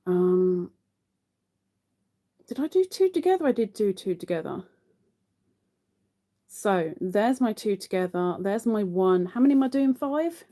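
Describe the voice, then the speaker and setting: A woman's voice: medium pitch, sing-song, unhurried, long pauses, mellow. A woman hosting a live crochet stream, chatting casually to viewers while she counts her stitches.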